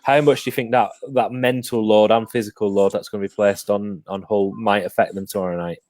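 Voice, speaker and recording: A man's voice: on the low side, fairly even intonation, fairly quick, a little mellow, no room sound. A man hosting a casual sports podcast, reading viewer comments aloud and hesitating often with ums. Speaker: podcast host.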